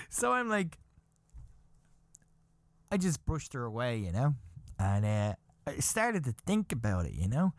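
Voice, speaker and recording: A man hosting a podcast, telling a comic story in a rambling, animated way and swearing casually. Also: medium pitch, a little slow, pauses often. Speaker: podcast host.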